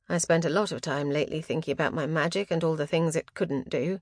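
Brief: female audiobook narrator, lowish voice, measured storytelling, dry close sound. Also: no room sound. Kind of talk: first-person fantasy narration.

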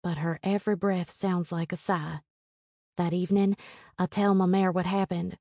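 A woman narrating a first-person story in a calm, measured reading voice. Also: lowish voice, dry recording, clean studio sound. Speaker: audiobook narrator.

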